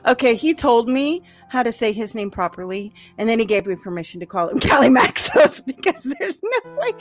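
A woman hosting a casual podcast chat, laughing often and loudly as she talks. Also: high voice. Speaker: host.

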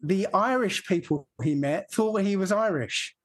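Male guest from England, higher pitch, explains things at length in a casual chat. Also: measured pace. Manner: explaining at length, laughing now and then. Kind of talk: casual conversation.

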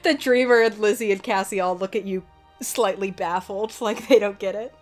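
A woman runs a tabletop game, describing scenes in a loose, casual way. Her voice is mid-pitched, and her narration keeps drifting through easy fillers. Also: steady tone, normal speed, soft background music. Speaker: game master.

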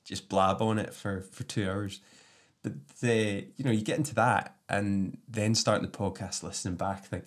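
A man hosting a casual interview chat, an affirming listener who turns reflective and soft-spoken when telling his own stories. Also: on the low side, fairly even intonation, normal speed. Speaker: podcast host.

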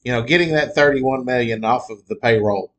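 A male podcast co-host chatting casually in a laid-back, measured way. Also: medium pitch, fairly bright tone. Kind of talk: casual chat.

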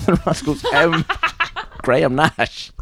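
A man hosting a podcast, telling stories in an animated way and swearing freely. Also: on the high side, slow pace, gravelly, noisy background. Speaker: podcast host. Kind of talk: casual chat.

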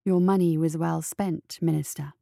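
A woman reading a storybook voicing a seductive, confident female assassin in a slow, silky, self-assured way. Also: sits low, steady tone, vocal fry, warm tone, no echo, clean studio sound. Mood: sly.

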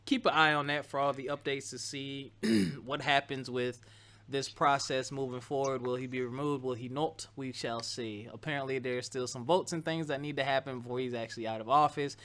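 A man's voice: mid-range voice, fairly even intonation, moderate pace, a bit bright. A man hosting a casual talk show, going over news topics in a loose, conversational way, often stopping to correct himself. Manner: conversational, wanders, laughs at himself. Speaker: podcast host.

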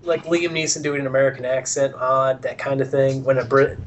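Male podcast co-host, dry and sarcastic, mid-pitched voice with a faint hum behind. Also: steady tone, a little fast. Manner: wry, sarcastic commentary. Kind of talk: casual movie review chat.

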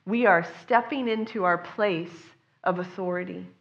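A woman's voice: fairly low pitch, moderate pace, dull audio. A woman preaching a sermon in an earnest, conversational way, sometimes acting out the voices of the people she quotes.

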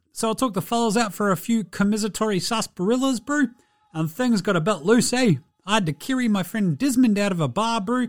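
Comedy impression: a man putting on a laid-back Kiwi ballplayer, high voice, New Zealand accent, drawling and chummy. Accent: New Zealand, put on. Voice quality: laid-back drawl, ends phrases with "brew" and "eh". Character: laid-back New Zealand basketball player, adult male, easygoing.

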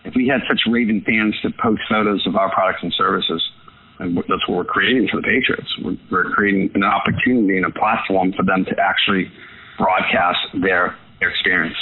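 This guest, who owns a photo business, chats eagerly in an interview that sounds tinny, like a phone line. His low-pitched voice is steady, brisk and slightly rough, full of fillers and repetition.

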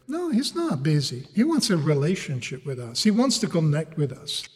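This preacher's voice sits fairly high, and his moderate, nearly pause-free delivery trails off into a long reverb. He gives his sermon in English, a language acquired later in life rather than his native one, animating it with stories and rhetorical questions to the congregation.

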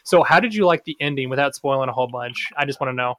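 A man hosting a casual podcast, animated and teasing, breaking into playful exclamations. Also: mid-range voice, fast talker, no room sound, studio quality. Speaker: podcast host.

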